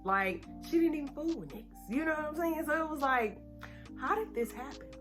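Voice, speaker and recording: A young Texan woman who makes beauty vlogs tells a personal story while putting on her makeup, with music playing underneath. Her voice is high, and she talks fast in an animated, chatty way, speeding up further when she gets nervous.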